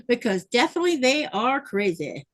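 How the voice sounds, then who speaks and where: A woman's voice: high voice, sing-song, normal speed, poor audio. A woman hosting a sewing livestream, chatting casually and reading viewer comments aloud. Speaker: livestream host. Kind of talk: casual chat while sewing.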